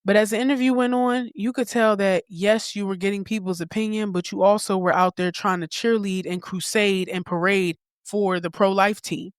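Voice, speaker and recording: A woman podcast host speaks in at a middle pitch, blunt and candid with casual swearing. The sound is dry and close, with no room echo. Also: fairly even intonation, normal speed, hardly any pauses, clean tone. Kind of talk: opinionated commentary.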